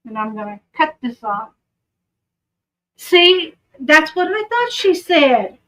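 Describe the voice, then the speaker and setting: A woman's voice: high-pitched, pushed and bright, low-quality recording. A woman with a Southern accent giving casual true crime commentary, chatty and often breaking off to aside. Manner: chatty, self-interrupting.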